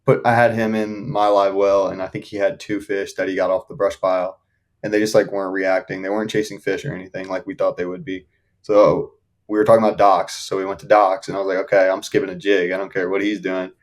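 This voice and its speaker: A young man from the Shenandoah Valley, a podcast guest telling fishing stories in a casual, excited way, often laughing as he talks. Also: low voice, fast talker. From Shenandoah Valley, Virginia. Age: young adult. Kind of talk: casual storytelling.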